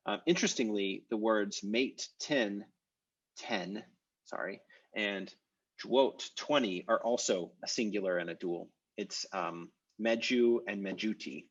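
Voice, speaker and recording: Man, language teacher, lowish voice, muffled video-call audio, explains with lots of ums. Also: unhurried, husky. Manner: explanatory, with frequent "uh" and "um". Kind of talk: live online class lecture.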